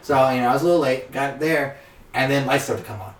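A man's voice: medium pitch, fast talker, far from the mic. A young man casually telling stories to friends, swearing freely and acting out what people said. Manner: profane, animated, acts out quotes. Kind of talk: casual storytelling among friends. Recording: roomy sound, a bit off mic.

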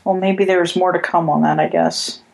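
A woman co-hosting a podcast in casual chat, laying out her points deliberately with a dry, sarcastic edge. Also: fairly low pitch, fairly even intonation, vocal fry. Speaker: podcast co-host.

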